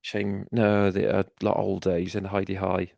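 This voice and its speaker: Casting: low, gravelly co-host, chuckling podcast banter, dry close mic. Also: male voice, monotone, moderate pace, darkish tone, dry recording. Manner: laughs a lot, quotes lines from the show. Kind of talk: casual chat reviewing a sitcom episode.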